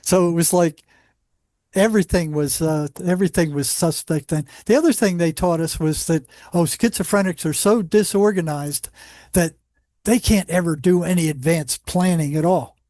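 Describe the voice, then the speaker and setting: A man who worked as a psychologist on a psychiatric unit, telling animated anecdotes in a casual interview with lots of restarts. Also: a little high, normal speed, no room sound, studio quality.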